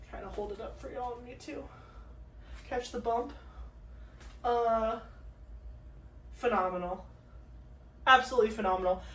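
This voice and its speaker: A young woman chats through a craft unboxing, gushing and excitable, full of likes and little gasps. Her voice sits a touch high. The sound is roomy and echoey, picked up from a few feet away. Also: a little hiss or hum. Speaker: crafting vlogger. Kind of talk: casual unboxing chat. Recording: echoey room, mic at a distance.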